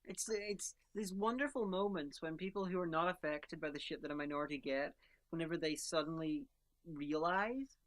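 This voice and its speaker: A woman's voice: low-pitched, moderate pace. A woman co-hosting a podcast, chatting casually and recounting a border crossing. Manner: relaxed, conversational, recounts exchanges with officials. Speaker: podcast co-host. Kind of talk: casual chat.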